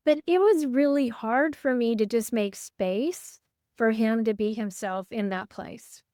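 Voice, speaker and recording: A middle-aged woman hosting a podcast, her voice a bit high and recorded dry and close. She talks with her guest in an earnest, reflective way and shares her own stories. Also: a little slow, dark tone, no room sound. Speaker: podcast host. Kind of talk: conversational interview.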